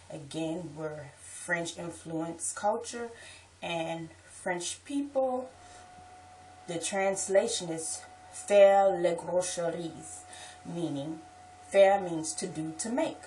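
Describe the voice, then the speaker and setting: Chatty New Orleans woman, lowish voice. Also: slow pace, warm tone, far from the mic, a little hiss or hum, low-quality recording. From Southeast Louisiana. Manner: chatty, explains with asides and restarts. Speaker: vlogger. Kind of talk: casual accent-tag vlog chat.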